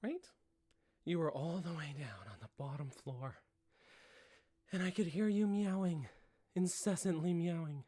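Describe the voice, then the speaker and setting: Chill game streamer, talks slow but super animated, laughs a lot, chatting w their cat mid stream. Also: mid-range voice, no room sound. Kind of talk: casual live-stream game commentary. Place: home room.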